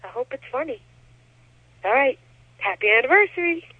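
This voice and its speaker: A woman from Brooklyn leaves a teasing, giggly voicemail message. Her high voice sounds thin and phone-like with no room around it. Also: expressive, normal speed, breathy edge, no room sound. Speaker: caller leaving a voicemail. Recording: dry tinny phone voicemail.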